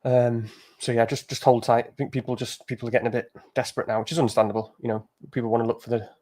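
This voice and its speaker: A man co-hosting a podcast in casual chat, relaxed, slangy and jokey. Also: medium pitch, rapid-fire. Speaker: podcast co-host.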